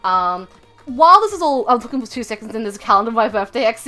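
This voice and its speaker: A young woman livestreaming from home, telling a rambling story full of fillers and self-corrections in a chatty, expressive way. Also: on the high side, quick pace, faint music behind. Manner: chatty and expressive, laughing at her own story. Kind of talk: casual livestream chat.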